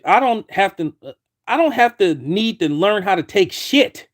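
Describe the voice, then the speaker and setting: High-voiced man ranting heatedly. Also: very animated, unhurried. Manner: heated, repetitive, many restarts. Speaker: commentator. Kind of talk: ranting opinion commentary.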